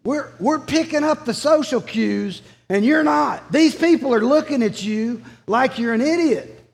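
A man's voice: extremely high pitch, unhurried, vocal fry, voice pushed up, full character voice. Fretful disciples pleading, as a man puts them on. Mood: exasperated. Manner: exasperated pleading. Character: fretful group of male disciples urging restraint.

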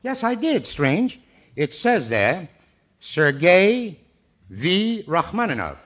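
A man's voice: sits high, huge pitch swings, a bit bright. A man hosting a 1940s radio comedy show, bantering in a joking, boastful manner. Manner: joking, boastful, quick comic delivery. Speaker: host and singer. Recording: 1940s radio broadcast recording.

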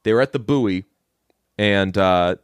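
Guy on a podcast telling a movie plot, jumps into higher voices for the characters, dry close sound. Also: slow pace, clear, resonant tone, no echo. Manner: animated storytelling, acting out quoted lines in a higher voice. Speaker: podcast co-host. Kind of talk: casual movie recap chat.

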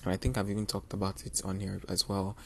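A man's voice: low voice, monotone, quick pace, creaky, a bit bright, slight background noise. A young man hosting a podcast, earnestly telling his personal faith testimony in a rambling, confessional way. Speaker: podcast host.

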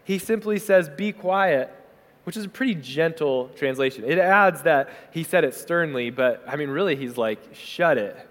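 A man preaching a sermon as pastor, conversational and animated, slipping into quick acted asides. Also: fairly high pitch. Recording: hall reverb.

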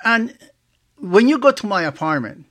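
An excitable man rambles through a casual solo podcast. He laughs easily and plays out both sides of imagined conversations. His voice is bright, and his pitch swings widely from line to line. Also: normal speed. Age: 60s. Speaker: podcast host.

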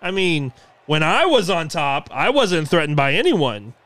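Brief: man voicing a mocking, cocky wrestling veteran, high-ish voice. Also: sing-song, measured pace, a bit bright, dry recording. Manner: mocking, taunting.

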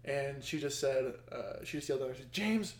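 A man's voice: mid-range voice, little pitch movement, fast talker, a little mellow, reverberant, slight background noise. A young man, a podcast guest, casually telling his side of a story and correcting details with a chuckle. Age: young adult.

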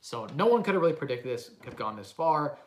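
A young Canadian man, a real estate investor, hosts a casual livestream with live Q&A, rambling self-assuredly through questions with many fillers and restarts. His slightly high voice is sing-song and fairly quick, with slight background noise in a roomy, echoey room.

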